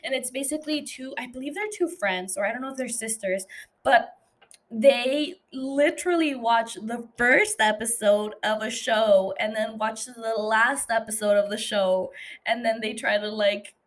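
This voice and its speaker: A woman's voice: a little high, moderate pace. A young woman hosting a podcast on her own, chatting loosely and playfully, swearing freely and laughing between thoughts. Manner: loose, profane and playful, with frequent fillers and laughs. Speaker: podcast host. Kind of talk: casual solo podcast chat.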